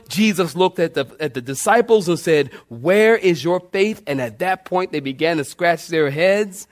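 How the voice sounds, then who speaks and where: A male pastor preaching a sermon with dynamic swings in pitch and loudness, calling out to the congregation.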